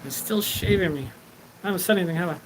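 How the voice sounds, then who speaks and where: A man's voice: high-pitched, fast, noisy background. A man hosting a solo show, talking in a rambling, profane monologue and acting out quoted back-and-forth exchanges. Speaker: host.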